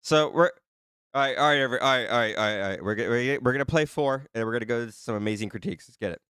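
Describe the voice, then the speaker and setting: A man hosting a live stream who reads out the chat in a flustered, excitable way and teases the viewers. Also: medium pitch, very fast, clean tone, no room sound, studio quality. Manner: flustered and excitable, laughing often, teasing viewers. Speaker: livestream host reading chat.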